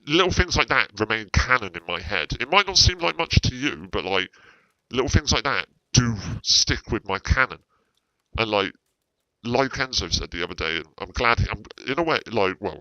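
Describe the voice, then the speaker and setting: Man, very low voice, bright edge, rambling, swears a lot, dry dull mic. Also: expressive, moderate pace, dry recording. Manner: rambling, repeats himself, swears freely. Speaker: roleplay streamer. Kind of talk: in-character roleplay chat.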